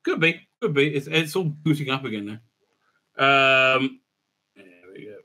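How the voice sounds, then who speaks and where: A man's voice: medium pitch, unhurried, sharp tone. A man reviewing a TV episode in a casual, rambling recap, mocking and sarcastic about what he watched. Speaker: show reviewer.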